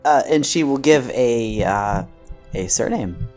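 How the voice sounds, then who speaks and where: A woman's voice: extremely low pitch, expressive, slow pace, a little mellow, soft background music. A woman playing a tabletop game, introducing her character with hesitant fillers. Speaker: player.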